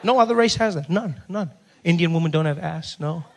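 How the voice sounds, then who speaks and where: A man with a South African accent doing live stand-up comedy. He talks in an animated way, with big swings in his voice as he acts out characters. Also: fairly high pitch, fairly quick, gravelly. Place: stage before a live audience. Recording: live club recording with crowd noise and laughter. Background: audience laughter.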